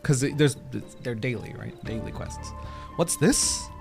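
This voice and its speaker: A man's voice: mid-range voice, normal speed, over music. A young man doing casual, joking commentary while playing a game. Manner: playful, joking, easily excited. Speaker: streamer.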